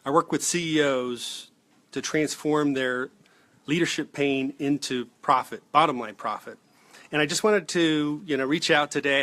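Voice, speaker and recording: A man's voice: mid-range voice, bright, forceful tone. Earnest rambling male coach. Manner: rambling, earnest, many fillers and restarts. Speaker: leadership coach. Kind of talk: casual direct-to-camera vlog.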